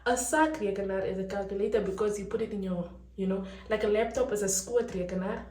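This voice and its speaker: A woman's voice: medium pitch, fast talker, distant mic. A young Namibian woman with a Namibian accent chatting casually to her vlog camera, mixing English and Afrikaans and laughing often. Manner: chatty and animated, switching between English and Afrikaans with frequent laughs. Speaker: vlogger. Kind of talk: casual chat. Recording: roomy echo, mic set back.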